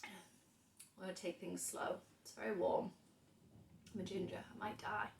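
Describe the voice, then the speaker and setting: A woman's voice: medium pitch, flat delivery, unhurried, creaky, slight background noise. A woman from the UK chatting casually at home, rambling and often dropping to a murmur. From United Kingdom. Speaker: vlogger. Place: indoors at home. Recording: roomy, distant camera mic.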